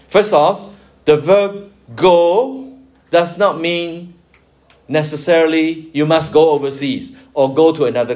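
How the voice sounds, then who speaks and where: A man's voice: mid-range voice, darkish tone. A man preaching a sermon, explaining scripture with everyday examples and lifting his voice for emphasis. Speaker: pastor.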